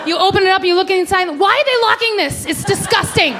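A woman in her thirties performing a brash, animated stand-up comedy set on a club stage, acting out loud quoted voices. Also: very high voice, fast, noisy background.

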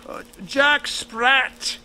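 A man's voice: very high voice, fairly even intonation, drawn-out words, pushed and bright, a little hiss or hum, pitched above the performer's own voice, exaggerated voice. A man voicing a sly Irish trickster named Jack, with a put-on Irish brogue and a stammering, cheeky way of talking. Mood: innocent.

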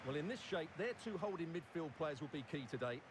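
A man with a somewhat raised voice talks quickly through football tactics as co-commentator. Game noise is clearly audible behind him. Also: fairly high pitch, expressive. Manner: measured tactical explanation. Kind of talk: football analysis.

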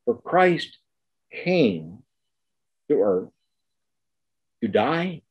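An older man giving an academic lecture, emphatic, repeating key words and slowing down to stress them. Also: mid-range voice, very animated, slightly rough, dull audio.

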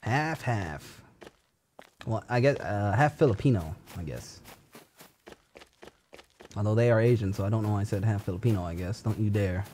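A man's voice: moderate pace, pauses often, darkish tone, a little hiss or hum. A young man giving casual commentary while playing a game, laughing often and yelping in panic. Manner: giggly, bursts into high panicked yelps. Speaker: gaming streamer.

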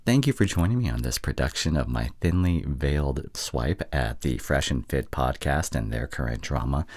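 A man playing a husky low-voiced cheating boyfriend. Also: lively intonation, moderate pace, dry recording, studio quality. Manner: soft, pleading, swinging from murmurs to begging. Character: young adult man, a remorseful cheating boyfriend. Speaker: voice actor. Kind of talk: whispered role-play. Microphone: studio condenser mic.

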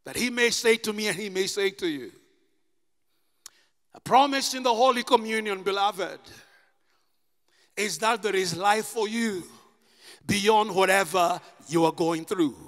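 A man preaching a sermon as pastor, impassioned and rising to shouts. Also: sits high, measured pace, pauses often, in a large hall. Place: church.

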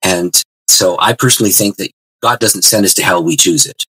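Husky, bright-toned man telling his faith story. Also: deep voice, a little fast, no room sound, poor audio. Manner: animated testimony with many restarts. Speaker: guest author. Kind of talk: interview storytelling.

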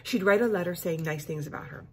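A woman reading a children's book aloud expressively, pausing to explain the story to listeners. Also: on the low side, darkish tone. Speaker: reader.

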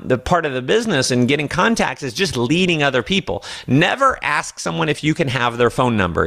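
A man's voice: medium pitch, creaky. A man giving a motivational sales training talk, confidently acting out his prospecting lines. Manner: confident, acts out sales dialogue in a brighter voice. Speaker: network marketing trainer.

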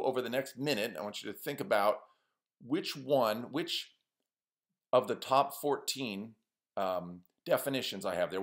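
A man with a fairly low voice teaching a poetry class. He explains lines step by step and keeps asking his students questions. His tone stays friendly and engaged. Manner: lively, asks students questions. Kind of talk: online class lecture.

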